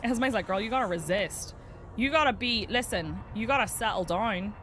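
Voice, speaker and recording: A woman's voice: medium pitch, moderate pace, slight background noise. A woman, chatting and telling stories while streaming a game, laughing often. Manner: chatty storyteller, animated, laughs a lot. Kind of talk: casual chat while playing a game.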